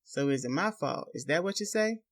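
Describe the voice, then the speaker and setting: A man reading a novel aloud, voicing a huge, violent rural husband who speaks with menace and contempt in rough dialect. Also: a little high, expressive, brisk, voice pushed up. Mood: angry.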